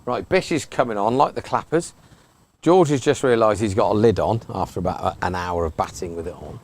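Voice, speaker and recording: A man's voice: fairly low pitch, brisk, a little mellow. A man giving casual, joking live commentary on a local cricket match from the ground. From England. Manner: chatty, joking, wry asides.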